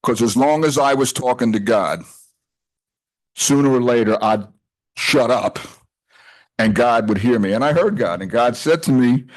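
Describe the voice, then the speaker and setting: An older man leads a loose talk in a retreat house hall, speaking at a measured pace with long pauses in a medium-pitched voice. He's chatty and jokey, rambles, interrupts himself and frequently drifts away from what he meant to say.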